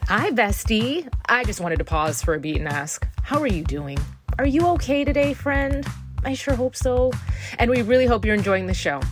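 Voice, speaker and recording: A woman's voice: a little high, animated, moderate pace. A woman host reading a cheery promo for the show and speaking directly to the listener. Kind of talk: friendly scripted promo read. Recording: voice over music bed. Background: music.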